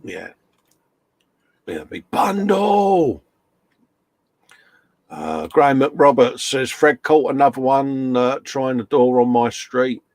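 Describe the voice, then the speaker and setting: Gravelly man chatting on a live stream. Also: medium pitch, unhurried, few pauses, darkish tone, no room sound. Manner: chummy banter, reads chat messages aloud. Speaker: co-host of a live stream chat show. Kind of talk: casual live-stream chat reading out comments.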